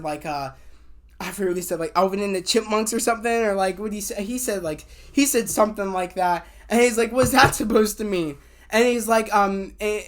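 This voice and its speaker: A woman reviewing a TV episode in a casual spoiler rant, rambling with many fillers and restarts, swearing when annoyed. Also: mid-range voice. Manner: excitable, acts out quotes. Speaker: TV show reviewer.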